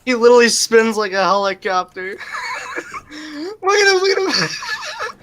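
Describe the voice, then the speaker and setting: A woman with a high, bouncy voice that swings wildly up and down, laughing almost nonstop as she plays a game. She talks in an unhurried drawl between giggles, excitable and playful, with a faint hiss in the background. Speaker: gamer. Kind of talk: casual gameplay commentary.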